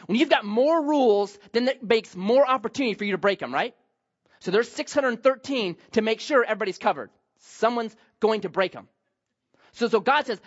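Pastor guy preaching, swoopy animated voice, jokey storyteller, dull muffled recording. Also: extremely high pitch, brisk. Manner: lively, humorous storytelling with acted asides. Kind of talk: sermon.

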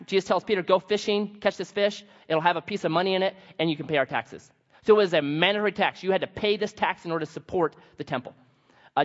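A man preaching a sermon as pastor, animated and acting out quotes with humor. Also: a little high, dull audio.

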